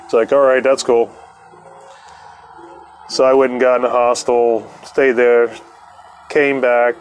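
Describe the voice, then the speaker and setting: A man's voice: mid-range voice, flat delivery, unhurried, soft background music. A man, the host, telling a long personal story in a casual, profane way, laughing often and acting out what others said. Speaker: podcast host.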